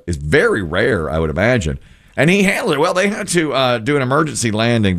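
A middle-aged man hosting a radio show, chatting casually and telling stories with animation. His voice sits low but swings widely in pitch as he acts out the people in his tales. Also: a bit bright. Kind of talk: casual chat and storytelling.

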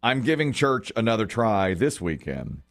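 This is a middle-aged man's casual radio chat, full of stories in which he animatedly acts out the voices of people he quotes. His voice is fairly low with vocal fry, moving at a moderate pace.

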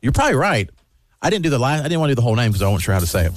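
A man's voice: mid-range voice, sing-song, rapid-fire, no room sound, studio quality. A man co-hosting a podcast, joking and laughing in casual chat. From American South. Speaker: podcast co-host.

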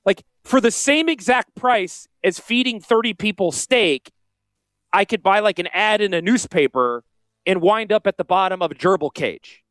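A man with a Northern US Yankee accent, a financial advisor hosting a casual promotional podcast with salesy, jokey asides and a high-pitched voice. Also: animated, moderate pace, a bit bright, no echo. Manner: self-described high-pitched voice. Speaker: financial advisor and radio host.

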